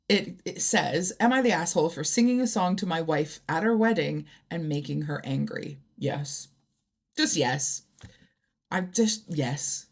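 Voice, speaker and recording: A woman's voice: sits low, creaky. A woman giving blunt, heated reactions to online stories, talking straight at the people in them. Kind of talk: casual reaction commentary.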